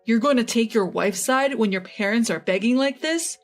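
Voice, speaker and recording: A man's voice: very high voice, normal speed, faint music behind. A woman reading as a bullying older father-in-law. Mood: angry. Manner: pleading then blustering.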